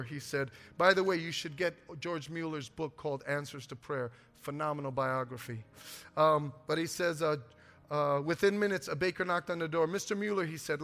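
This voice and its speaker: A man's voice: a little high, a bit bright. A man preaching a sermon as pastor, asking the congregation questions and answering them himself. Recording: music and long hall reverb.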